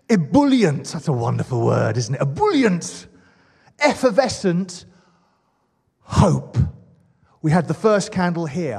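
A man's voice: sits high, a little mellow, big-room sound. A man preaching a sermon with enthusiasm, asking the congregation questions. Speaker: pastor.

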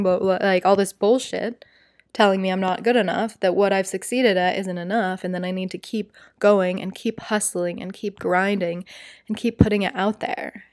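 A woman's voice: medium pitch, steady tone, normal speed, darkish tone, no room sound, clean studio sound. A young adult woman telling a personal story in a chatty way, full of fillers, acting out what people said. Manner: chatty, lots of "like" fillers, acts out quoted voices. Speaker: yoga teacher and podcast host.

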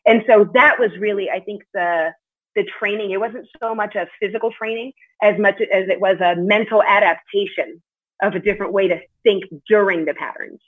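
A woman's voice: medium pitch, normal speed, slightly rough. A woman guest in a casual interview, speaking candidly and chattily and swearing now and then. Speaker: podcast guest, martial arts competitor. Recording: tinny phone-like line.

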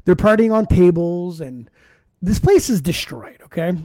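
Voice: mid-range voice, animated, moderate pace, warm tone, dry recording, studio quality. A wedding DJ telling stories in casual chat, rambling and swearing freely. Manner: profane, rambling storyteller.

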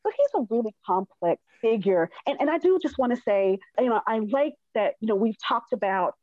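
A woman's voice: fairly high pitch, expressive, normal speed, dry recording. A woman thinking aloud about a historical figure in a thoughtful way, with frequent fillers. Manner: thoughtful, many fillers and restarts. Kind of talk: conversational history discussion. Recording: dull dry lo-fi sound.

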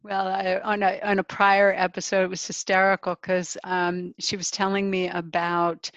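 A woman's voice: medium pitch, monotone, a bit bright, no echo. Woman hosting a chat show, laughs a lot, dry and a bit dull sounding. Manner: quick to laugh, chatty. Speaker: podcast host. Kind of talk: casual interview chat.

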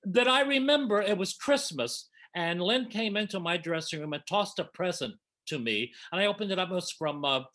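An older man recounts old memories in an effusive, emotional way. His voice sits a touch high and rings bright and forceful. It is an easygoing chat. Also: expressive, normal speed, few pauses. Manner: warm, emotional, effusive reminiscing. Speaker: panel guest reminiscing. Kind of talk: casual storytelling.

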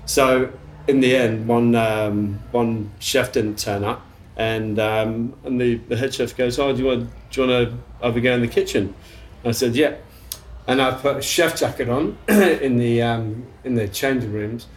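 A middle-aged English man, a chef, telling stories from his career in a casual interview, with restarts, throat clearing and casual swearing. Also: medium pitch, measured pace, a little hiss or hum. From England. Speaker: chef guest.

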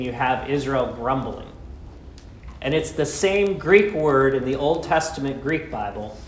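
A man's voice: medium pitch, slight background noise. Man preaching a sermon in an echoey church. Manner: rhetorical questions, dramatic pauses. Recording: echoey room with faint ambience.

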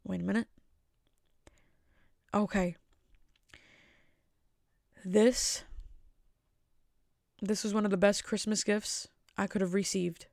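A woman's voice: mid-range voice, flat delivery, takes it slowly, vocal fry, pauses often, darkish tone, dry recording, clean studio sound. A woman hosting her own podcast at home, talking in a loose, rambling way and joking at her own expense. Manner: rambling, self-mocking jokes. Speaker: podcast host. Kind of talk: casual solo podcast chat. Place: at home with family asleep.

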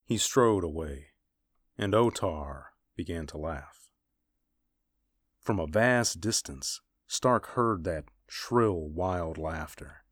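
Deep, slow male storyteller. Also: animated, no room sound, clean studio sound. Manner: measured, deliberate storytelling. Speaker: narrator. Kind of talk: dramatic audiobook narration.

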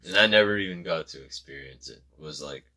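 A man co-hosting a podcast in casual chat, relaxed and teasing, mostly giving short replies. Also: deep voice, a little fast. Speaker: podcast co-host.

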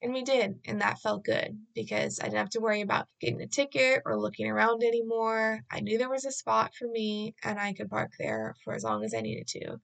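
A woman's voice: fairly high pitch, lively intonation, brisk, gravelly, few pauses, fairly bright tone. A woman vlogger casually retelling an anxious day in a rambling way, acting out bits of dialogue. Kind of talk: casual storytelling vlog.

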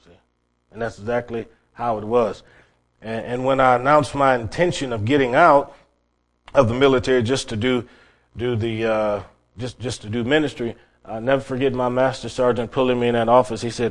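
A middle-aged man with a mid-range voice at normal speed preaches a sermon, telling stories and often restarting and repeating his words.

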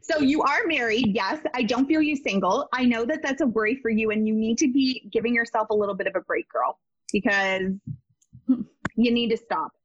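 A woman's voice: a little high, quick pace, hardly any pauses, slightly rough, no echo. Emphatic psychic woman on a lo-fi call. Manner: emphatic, repeats phrases, many fillers. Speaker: psychic medium guest. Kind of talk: casual psychic reading.

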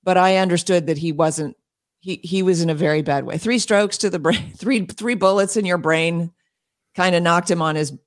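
A woman speaking as an interview guest and homeschool advocate, emphatic and quick, with frequent laughs and restarts. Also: on the low side. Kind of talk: passionate interview talk.

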